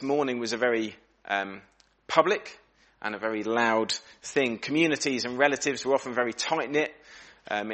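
A man preaching a sermon in a church, earnest and reflective, slowing down and dropping his voice for emphasis. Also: mid-range voice, a bit bright. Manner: earnest, reflective, varies pace and volume for emphasis.

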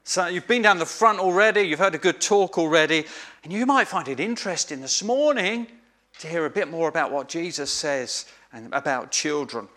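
A man's voice: a little high, lively intonation, moderate pace, bright, forceful tone. A man preaching an earnest sermon, stressing key phrases by repeating them. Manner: earnest, emphatic, with repeated phrases and small restarts.

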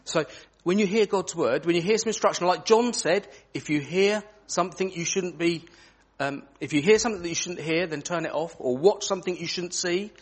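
A man's voice: sits high, brisk. A man leading an interactive children's talk in church, asking the children questions as he goes. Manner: animated, asks children questions.

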